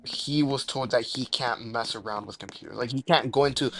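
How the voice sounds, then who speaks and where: A man's voice: medium pitch, brisk. Rambling young man, noisy recording. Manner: rambling, filler-heavy, swears, breaks off to react to the game. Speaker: gaming channel host. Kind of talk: rambling story time over horror gameplay. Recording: noisy recording with steady background noise.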